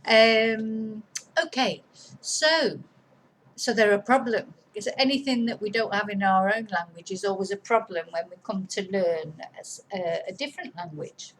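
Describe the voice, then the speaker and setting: A woman teaches Spanish pronunciation in a relaxed, chatty way, wandering off and circling back as she explains. Her voice sits at a middling pitch, with a faint hum of room noise behind her. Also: normal speed, rough recording. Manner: chatty, rambling, self-correcting. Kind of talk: casual explanatory lesson.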